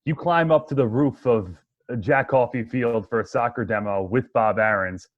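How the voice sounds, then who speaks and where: A man's voice: mid-range voice, normal speed. A man co-hosting a podcast, setting up questions by retelling the guest's story in a casual way. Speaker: podcast co-host. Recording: dull lo-fi sound.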